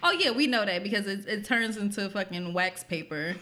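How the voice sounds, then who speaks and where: A woman's voice: medium pitch, lively intonation, fairly quick, sharp tone. A woman hosting a casual podcast chat, talking bluntly and crudely and laughing through her stories. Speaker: podcast host.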